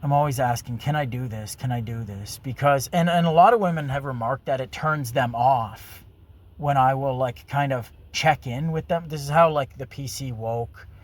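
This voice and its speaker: A man's voice: medium pitch, normal speed. Rambling crude male storyteller. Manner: rambling, filler-heavy, crude. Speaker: vlogger. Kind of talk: storytelling monologue.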